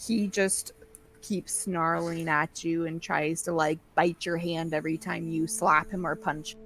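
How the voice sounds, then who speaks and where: A woman's voice: deep voice, fairly even intonation, a little slow, a bit bright. A woman narrating as game master of a tabletop game, in a loose, filler-heavy way. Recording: with faint background music.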